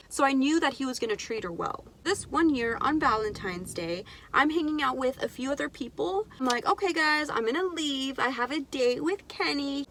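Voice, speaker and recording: A young woman telling a personal story in a candid, animated, profane way on her vlog. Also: sits high, a little hiss or hum. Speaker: vlogger. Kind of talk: casual storytime.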